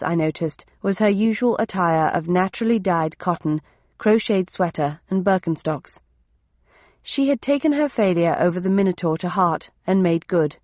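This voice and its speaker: A woman narrating a first-person novel in a wry, measured storytelling manner. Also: fairly low pitch, darkish tone, no room sound, lo-fi sound. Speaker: audiobook narrator.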